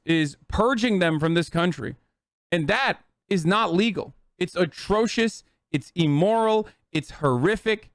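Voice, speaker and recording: A man's voice: high-pitched, no room sound. A man streaming political commentary, ranting to his live chat in a heated, profane way.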